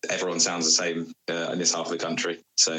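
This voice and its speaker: A man from England with a Bristol accent, a guest in a casual podcast chat, friendly and quick to laugh. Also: low voice, completely flat delivery, a crowd in the background, poor audio. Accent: English, Bristol.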